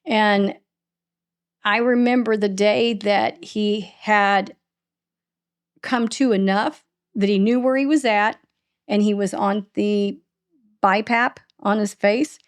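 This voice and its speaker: A middle-aged woman, a podcast host being interviewed, recounting a painful family loss in a halting, emotional way. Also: mid-range voice, fairly even intonation, clean tone. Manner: halting, restarts and voice breaking with emotion. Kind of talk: emotional personal storytelling in an interview.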